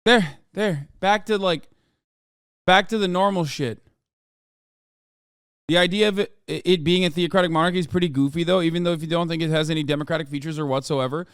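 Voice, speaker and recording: A man streams live and talks back to his chat in a profane, ranting way, dropping to a mutter and then rising to a yell. His voice is fairly high and clean, and the sound is close and dry with no room around it. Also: fairly quick, smooth, no room sound. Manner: profane, ranting, swings from mumbling to yelling. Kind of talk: livestream commentary, reading chat.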